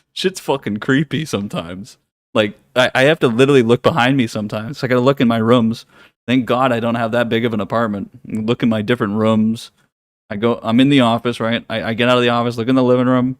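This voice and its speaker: A man's voice: medium pitch, steady tone, brisk, dry recording, studio quality. A man hosting a live trading stream from his home office, chatting casually with viewers, swearing freely, laughing often and teasing the chat.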